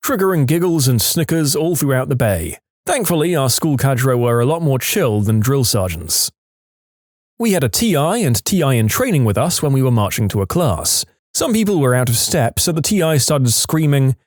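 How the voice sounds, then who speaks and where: A man narrating reader-submitted stories in a lively scripted storytelling manner. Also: mid-range voice, normal speed, dry recording, clean studio sound.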